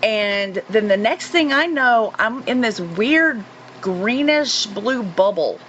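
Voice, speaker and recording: A woman in her forties from North Carolina with a fairly high voice tells her story earnestly, pausing often and filling gaps. The recording is slightly muffled, and a faint hiss runs underneath. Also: animated, a bit bright. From North Carolina, USA. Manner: earnest, halting storytelling with many fillers. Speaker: guest. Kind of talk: recounting a personal experience.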